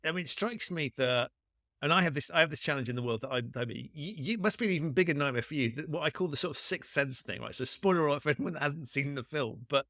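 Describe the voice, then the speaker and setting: A fairly high-pitched man hosts a podcast conversation, musing aloud and circling back as he probes his guest. His voice sounds dry and close-miked, with no room echo. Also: quick pace, bright, forceful tone. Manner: musing, probing, thinks aloud with restarts. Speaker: podcast host. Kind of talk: casual interview conversation.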